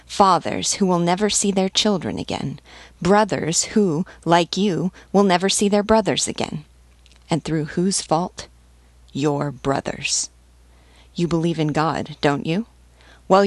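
A woman's voice: lowish voice, no room sound. A woman reading a stern, serene old nobleman. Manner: calm, measured, persuasive. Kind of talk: audiobook reading.

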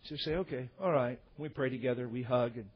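A man's voice: medium pitch, a little fast, husky, lo-fi sound. A man preaching a sermon, telling a story and acting out the dialogue of the people in it. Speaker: pastor.

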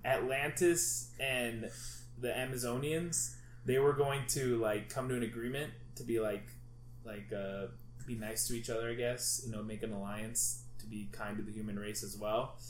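Rambling, excitable man in an echoey room. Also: mid-range voice. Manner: rambling, excitable retelling full of fillers and swearing. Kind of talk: casual chat. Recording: echoey room with faint background noise.

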